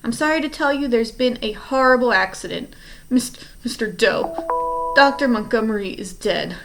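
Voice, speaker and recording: A woman reading aloud, voicing a scheming man in disguise who speaks in a smooth, falsely polite way. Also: fairly high pitch, moderate pace, background noise, pitched above the performer's own voice, lightly acted. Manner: smooth and oily, then menacing.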